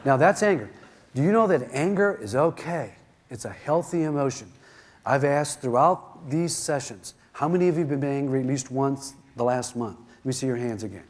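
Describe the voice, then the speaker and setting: A middle-aged man giving a self-help seminar, telling stories in an animated way and acting out the voices in them. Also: medium pitch, moderate pace. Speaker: seminar speaker.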